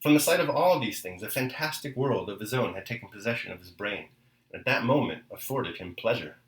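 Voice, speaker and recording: A man hosting a daily podcast, reading a novel aloud in a measured way and then reflecting on it. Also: on the low side, expressive, echoey room, low-quality recording.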